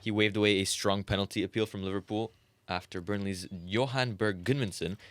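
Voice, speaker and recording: A man's voice: fairly low pitch, fairly even intonation, a little fast. A young man co-hosting a football chat, recounting match incidents in a matter-of-fact way. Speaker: podcast co-host.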